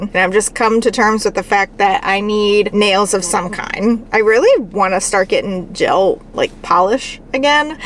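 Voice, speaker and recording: A woman's voice: a little high, fairly bright tone, a little hiss or hum. A woman vlogger talking casually to the camera in a chatty, rambling way. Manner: chatty and rambling, with frequent "like" fillers. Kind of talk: casual vlog chat to camera.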